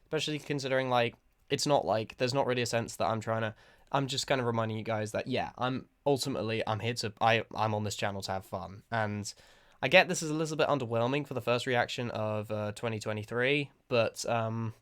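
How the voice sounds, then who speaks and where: A man giving casual, rambling reaction commentary, excitable and quick to laugh. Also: mid-range voice. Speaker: video reactor.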